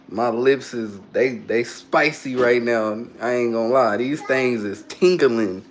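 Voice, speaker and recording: A man's voice: medium pitch, slow pace, a little hiss or hum. A man chatting casually on a phone livestream, joking and reading his chat aloud while queasy and burping after a hot sauce shot.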